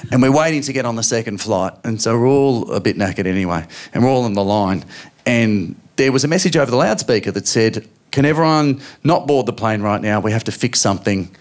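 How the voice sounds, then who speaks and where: A man in his forties with an Australian accent, performing a stand-up comedy routine on stage and telling stories with acted-out voices and sudden shouts. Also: medium pitch, brisk. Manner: animated storytelling, acting out voices and shouts. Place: comedy venue stage with a live audience.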